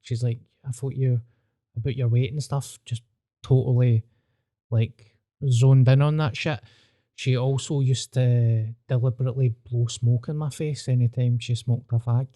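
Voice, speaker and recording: A man's voice: mid-range voice, fairly even intonation, a little slow, dark tone. A Scottish man co-hosting a podcast, chatting bluntly with sweary banter. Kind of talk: casual chat.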